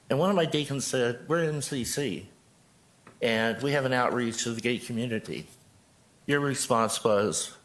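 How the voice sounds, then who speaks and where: A man's voice: medium pitch, expressive, moderate pace. A man in his sixties from Joplin, a pastor giving a prepared, earnest statement at a city council podium microphone. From Joplin, Missouri. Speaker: pastor speaking at public comment.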